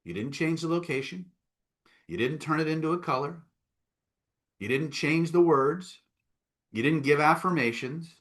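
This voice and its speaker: A man's voice: fairly high pitch, expressive, moderate pace, long pauses, a bit bright. Coaxing man leading a live training. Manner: coaxing, repeats "right?" and "okay?", reads out chat replies. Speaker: self-help trainer. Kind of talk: live online training session.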